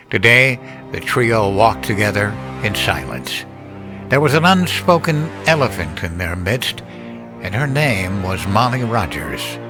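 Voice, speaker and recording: A man giving scripted horror story narration in a measured, deliberate storytelling manner. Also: fairly low pitch, pushed and bright. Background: music.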